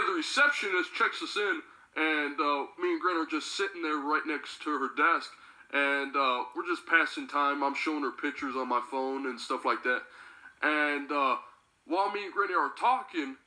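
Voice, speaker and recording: A man's voice: fairly high pitch, normal speed, bright, forceful tone, poor audio. A young man, a grandson, chatting and telling a story with his grandmother in a casual family video.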